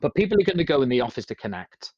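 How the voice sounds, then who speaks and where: A man's voice: medium pitch, very animated, rapid-fire, a little mellow, dry recording. A man on a podcast talking in a rambling way with many restarts, acting out quoted speech. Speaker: podcast speaker. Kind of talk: casual podcast chat. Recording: slightly muffled lo-fi sound.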